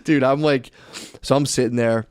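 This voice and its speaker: A man in his thirties co-hosting a casual podcast, telling a long story in an animated way, peppered with swearing and "dude". His voice sits at an ordinary pitch. The sound is close and dry, with no room echo. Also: normal speed, clean tone. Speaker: podcast co-host. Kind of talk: casual chat.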